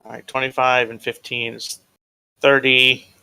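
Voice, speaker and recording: A man's voice: medium pitch, level tone, measured pace, gravelly, pushed and bright, clear, resonant tone. A man running a tabletop role-playing game, chatting loosely, laughing often and rephrasing as he describes the action. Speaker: game master. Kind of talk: tabletop game session, casual narration.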